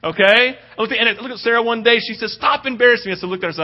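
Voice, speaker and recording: A high-pitched man preaching from the pulpit, telling stories with real animation and bursting into shouts at the big moments. The audio is a little dull and lo-fi. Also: very fast. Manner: animated storytelling, rising to shouts when excited. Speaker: pastor. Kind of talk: sermon.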